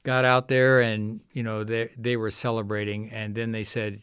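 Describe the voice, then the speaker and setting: A man's voice: fairly low pitch, level tone, normal speed, hardly any pauses, a bit bright, clean tone, no room sound, studio quality. A middle-aged man telling a long story as a guest in a podcast interview, often quoting others. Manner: rambling anecdotal storytelling, quotes others. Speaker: guest, founder of a water nonprofit.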